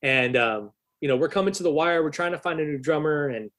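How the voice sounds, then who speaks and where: A man with a fairly high voice recounts a story as a podcast guest. He talks loosely and swears freely, with frequent fillers and an animated storytelling manner. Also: a little fast. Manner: loose, profane, animated retelling with many fillers. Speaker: podcast guest, bass player. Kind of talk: casual storytelling chat.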